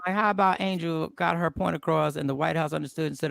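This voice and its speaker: Male talk host, heated debater, very gravelly, bright edge. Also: a little high, fairly even intonation, quick pace, no room sound. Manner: forceful, argumentative, interrupts often. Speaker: show host.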